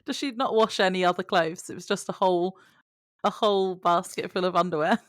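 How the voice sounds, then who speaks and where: A woman's voice: on the low side, a little fast, no room sound, studio quality. A woman co-hosting a casual podcast, laughing often as she recaps scenes. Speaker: podcast co-host. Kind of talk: casual chat recapping a TV episode.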